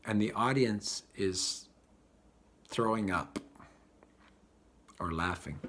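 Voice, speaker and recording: A man giving a spiritual talk, animated and acting out the voices of the people he describes. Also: lowish voice, slow. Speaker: spiritual teacher.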